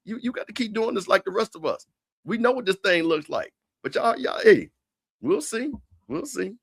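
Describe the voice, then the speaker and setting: A man co-hosting a sports talk stream, teasing rivals in an animated, repetitive way. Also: sits high, brisk, slightly rough. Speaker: show co-host. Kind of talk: casual trash-talk commentary.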